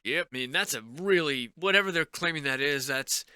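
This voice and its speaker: A man's voice: on the high side, normal speed, bright, forceful tone, clear, resonant tone, no echo. Man for a casual vlog: dry close sound, loose and speculative, trails off often. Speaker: vlogger. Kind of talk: casual musing commentary.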